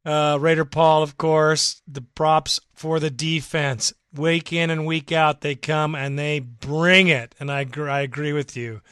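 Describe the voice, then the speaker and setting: A man's voice: fairly high pitch, fairly even intonation, unhurried, hardly any pauses, fairly bright tone, clean tone, no echo, clean studio sound. A man hosting a fan podcast, ranting with emotion and profanity, his voice worn out. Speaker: podcast host. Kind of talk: impassioned fan podcast rant.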